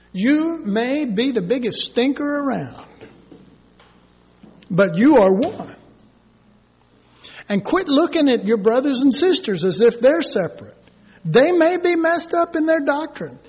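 High-voiced preacher in an echoey hall. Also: male voice, husky. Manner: animated, acts out quoted voices with sudden high cries. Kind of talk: sermon. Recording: dull echoey recording from far off.

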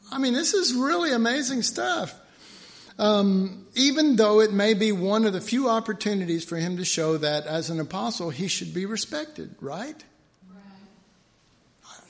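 A man preaching a sermon in a chatty, joking way, telling stories and doing quick voices of people in them. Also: fairly high pitch, a bit bright. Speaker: pastor.

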